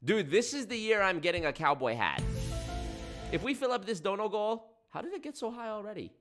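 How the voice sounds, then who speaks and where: A man's voice: high-pitched, very animated, a little fast, over music. A young man hosting a livestream, talking in a sarcastic, profane, rambling way. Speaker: livestream host. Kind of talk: casual stream commentary.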